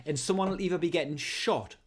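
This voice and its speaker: A man talks in a loose, rambling way, swearing freely as he rants. His voice sits a little high for a man. It is relaxed, jokey podcast chat. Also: quick pace, slight background noise. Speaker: podcast co-host. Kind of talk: casual comedic chat.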